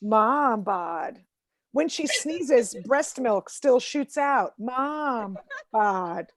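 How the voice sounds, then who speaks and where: A woman's voice: on the high side, lively intonation, drawn-out words, no echo, studio quality. A woman performing stand-up comedy over a video call, telling exasperated stories full of acted quotes. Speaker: headlining comedian.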